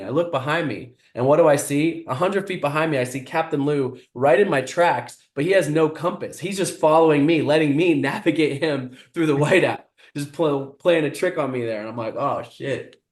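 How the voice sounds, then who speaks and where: A man telling a motivational story with animated, vivid delivery. His voice sits a little higher than most men's, and it carries a roomy echo. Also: a little fast, few pauses. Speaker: guest speaker, explorer.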